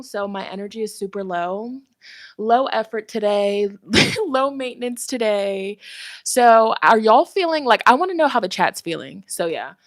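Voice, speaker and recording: A woman's voice: mid-range voice, no room sound, studio quality. Chatty young woman hosting a live stream. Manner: chatty and animated, laughs often, reads out the chat. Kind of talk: casual live stream chat.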